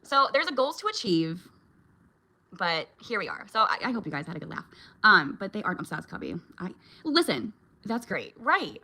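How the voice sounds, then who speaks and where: A woman's voice: mid-range voice, sing-song, normal speed, sharp tone. A woman, a mom, chatting casually with her viewers in a vlog, reacting to their comments and laughing often. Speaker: vlogger and mom.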